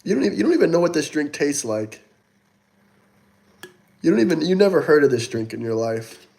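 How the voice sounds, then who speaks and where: Young man, livestream host, fairly high voice, mocking, taunting, swears a lot. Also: very animated, brisk, gravelly, darkish tone. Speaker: livestream host reading chat. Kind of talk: casual livestream chat.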